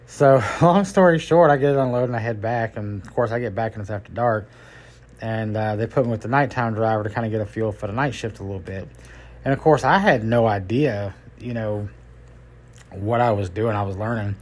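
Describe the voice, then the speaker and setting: A man's voice: fairly low pitch, steady tone, brisk. Folksy man telling rambling stories. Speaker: podcast host and tow truck driver. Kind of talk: casual storytelling.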